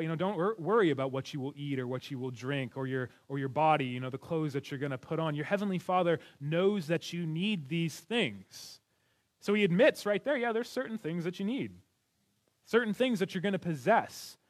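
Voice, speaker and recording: A man preaching a sermon as a pastor, talking to his congregation in an earnest, conversational way. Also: a little high. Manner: conversational, earnest, with restarts and light laughs.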